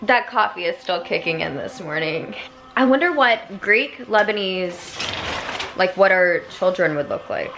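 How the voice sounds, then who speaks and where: A woman's voice: fairly low pitch, expressive, moderate pace, fairly bright tone, a little hiss or hum, rough recording. A woman vlogging her day in a chatty, bubbly way, full of "like" and "um". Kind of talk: casual day-in-the-life vlog chat.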